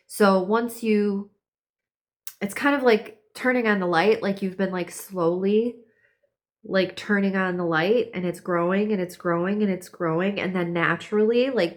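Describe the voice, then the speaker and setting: A woman giving a casual horoscope reading, chatty and full of "like", now and then acting out voices. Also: medium pitch. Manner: chatty, lots of "like", acts out quoted voices. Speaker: tarot and astrology reader.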